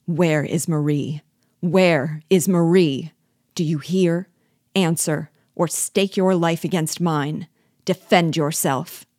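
A woman's voice: deep voice, fairly even intonation, unhurried, a little mellow, dry recording, clean studio sound. A woman voicing a furious young husband. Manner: urgent, emphatic.

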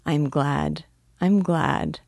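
A woman reading the part of a kind young woman who teases gently and speaks in a reassuring way. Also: sits low, very slow, gravelly, no room sound, clean studio sound, heavily acted. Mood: curious.

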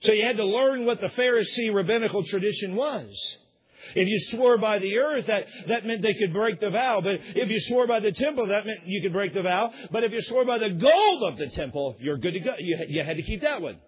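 A man preaches from the pulpit in an easy, conversational way, often stumbling into repeated words and slipping into quoted voices. His voice sits high for a man and has a husky edge. The recording is dull and lo-fi. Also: animated, brisk. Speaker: pastor. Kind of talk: sermon.

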